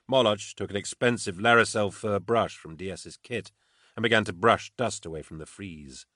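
A man's voice: fairly low pitch, normal speed, sharp tone, dry recording, clean studio sound. A man narrating fiction steadily as an audiobook narrator.

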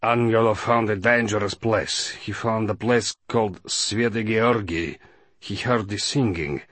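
An audiobook narrator voicing a patient, guarded male translator with a measured, level delivery. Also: lowish voice, a bit bright, husky, dry recording. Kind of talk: audiobook character voice.

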